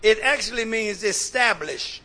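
A male pastor preaching a sermon, calling out to the congregation, swinging between loud exhortation and hushed talk. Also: high-pitched, animated, unhurried. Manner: preaching with call-and-response and repeated "watch this".

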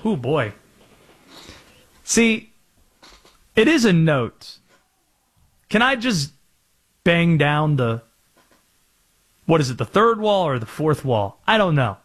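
Chatty, lively sports radio host. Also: male voice, a little high, slow, pauses often. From North Carolina, US. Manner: chatty, explanatory, self-aware.

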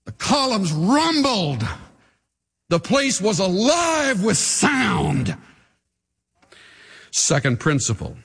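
A man's voice: high voice, fairly bright tone. A male pastor preaching a dramatic sermon, leading the congregation in call and response. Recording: reverberant hall with faint music.

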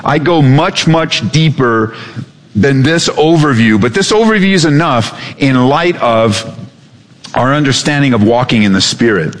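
A male pastor preaching a sermon, animated, with dramatic pauses and repeated phrases. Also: medium pitch. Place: church sanctuary. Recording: long hall reverb.

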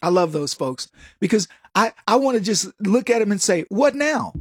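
Man, commentary host, mocking, husky voice, dry sound. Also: sits high, lively intonation, normal speed, a bit bright, no echo. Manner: mocking, jokey, acts out voices with laughs. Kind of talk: animated solo political commentary.

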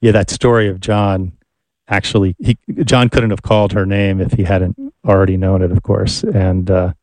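A man's voice: deep voice, flat delivery, normal speed, darkish tone, dry recording. A man interviewing a guest, asking thoughtful questions while searching for words.

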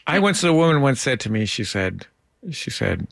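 A man's voice: medium pitch, sing-song, normal speed, creaky, fairly bright tone, no room sound. A man hosts an interview in a dry, close studio sound, his voice sitting in a middle range. He asks questions and tosses in wry jokes as he goes. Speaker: interview host. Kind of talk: casual interview chat.

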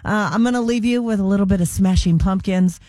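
A woman's voice: mid-range voice, fairly quick, dark tone, no echo, clean studio sound. A woman hosting a morning radio show, chatting loosely and upbeat as she signs off with station plugs. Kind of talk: radio DJ sign-off chat. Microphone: studio microphone.

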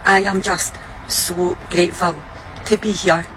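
A woman's voice: on the low side, little pitch movement, unhurried, fairly bright tone, a little hiss or hum, rough recording. A Scottish woman giving an earnest, effusive thank-you message, with many restarts. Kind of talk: heartfelt video message.

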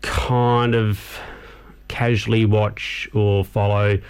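A man's voice: lowish voice, little pitch movement, very slow, darkish tone, smooth. A man hosting a radio show, chatting loosely between songs, tired and yawning, with plenty of ums and you-knows. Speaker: radio host. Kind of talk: casual chat between songs.

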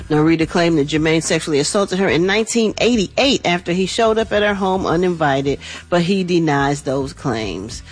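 A woman's voice: on the low side, husky. A woman hosting a chatty entertainment news segment on morning radio, calling her listeners "y'all".

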